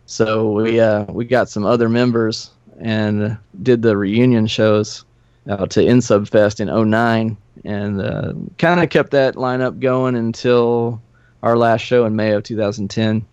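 A middle-aged man, a podcast guest, telling old band stories in a relaxed, profane, laughing way. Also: fairly low pitch, a little slow, smooth, dry recording. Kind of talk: casual storytelling. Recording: slightly muffled dry studio recording.

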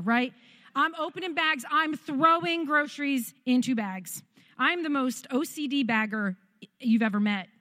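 A woman pastor telling a story in a sermon, animated and humorous. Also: sits high, no room sound.

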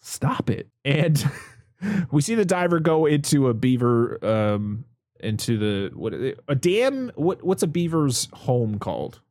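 A man's voice: a little high, measured pace, dry recording, clean studio sound. A man hosting a casual podcast, recapping a movie plot with sarcastic, swearing asides. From US, lives where beavers are common. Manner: animated, sarcastic, swears, laughs often. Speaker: podcast host reviewing a movie.

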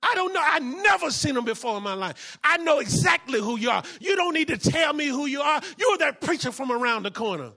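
A man acting out an angry, hostile man who is shouting accusations at a preacher. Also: very high voice, sing-song, a little fast, gravelly, hardly any pauses, voice pushed up, exaggerated voice.

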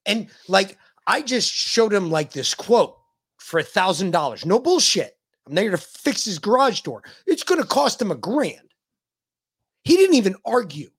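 A man's voice: sits high, sing-song, unhurried, husky. An American man co-hosting a podcast, telling stories in casual chat with lots of swearing and acted-out quotes. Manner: profane storyteller, acts out quotes animatedly. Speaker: podcast co-host.

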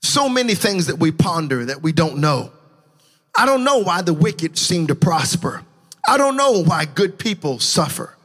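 A man preaching a sermon as pastor, impassioned, with a sing-song cadence that swings from shouts to low, hushed lines. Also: very animated, normal speed.

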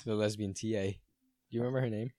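A man's voice: fairly low pitch, fairly even intonation, warm tone, no room sound, studio quality. A young man in his twenties co-hosting a podcast, telling stories with lots of laughing and swearing. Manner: laughing, swearing, fast anecdotal storytelling. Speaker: podcast co-host. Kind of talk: casual chat.

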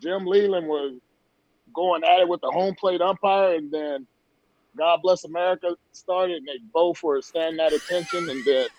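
Former ballplayer telling stories, higher voice. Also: male voice, normal speed, a little mellow, no echo. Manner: storytelling, emphatic. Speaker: former pro baseball player. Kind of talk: casual sports talk. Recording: dull lo-fi dry sound.

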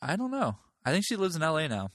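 A man's voice: fairly high pitch, wildly swooping pitch, fast talker, a bit bright, no echo, studio quality. A man in his thirties, a comedian guest chatting casually, laid-back and rambling, laughing easily. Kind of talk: casual chat.

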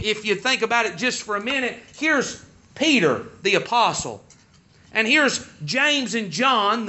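Bright high-voiced preacher, lo-fi. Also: male voice. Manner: emphatic preaching, repeating words for stress. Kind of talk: sermon.

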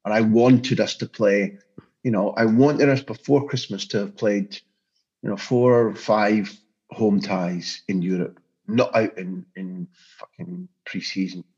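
A man with a low voice talks football as a podcast guest. He is passionate and emphatic, circling back and restarting sentences as he builds his point. The recording sounds muffled and lo-fi. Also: unhurried, darkish tone. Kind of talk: podcast interview. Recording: dull lo-fi sound.

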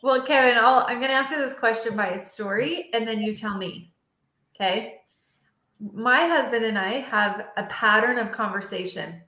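Animated woman host in an echoey room. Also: fairly high pitch, normal speed. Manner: animated storyteller acting out dialogue. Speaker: podcast host. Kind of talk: casual interview chat.

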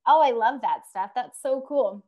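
A woman with a slightly high voice chats casually on a podcast. She giggles often and affirms what the other host says, in a relaxed, friendly manner. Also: moderate pace. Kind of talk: casual chat.

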